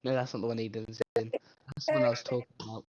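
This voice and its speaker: A young man playing a game with a friend on a voice call, excitable and yelling at what happens on screen. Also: mid-range voice, fast, dull audio, a little hiss or hum. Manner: excitable, shouts at game events. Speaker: co-streamer. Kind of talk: casual gaming chat on a voice call.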